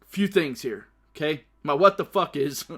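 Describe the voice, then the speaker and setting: A man's voice: fairly high pitch, lively intonation, normal speed, fairly bright tone, breathy edge. A man hosting his own casual talk show, brash and profane, often laughing through his stories. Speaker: podcast host. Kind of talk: casual solo show commentary.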